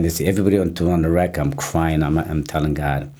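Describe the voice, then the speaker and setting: A man, a personal trainer, telling his life story as a guest in a casual interview, halting and repeating words as he goes. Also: low-pitched, little pitch movement, dark tone. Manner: halting, repeats words, breaks off mid-sentence.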